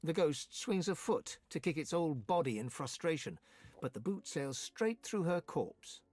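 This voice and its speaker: Husky game narrator. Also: male voice, on the high side, sing-song, unhurried, darkish tone, dry recording. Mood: dramatic. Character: male storyteller narrator, measured and dramatic. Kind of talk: scripted narration.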